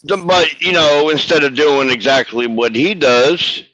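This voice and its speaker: A man's voice: on the high side, unhurried, a bit bright, lo-fi sound. A man on a casual live stream, giving encouraging direction to a co-host. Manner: coaching, encouraging.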